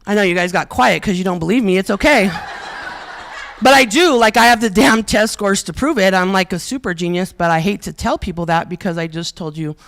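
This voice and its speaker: A woman's voice: medium pitch, fairly quick, gravelly, a bit bright. A middle-aged woman performing a stand-up comedy set on a theater stage, telling stories with brassy, self-mocking asides and punchy lines. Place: historic theater stage with live audience.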